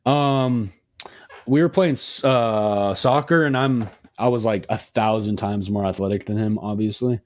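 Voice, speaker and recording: A young man co-hosting a podcast, telling a story in a slangy, profane, animated way. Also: lowish voice, unhurried. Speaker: podcast co-host. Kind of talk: casual storytelling chat.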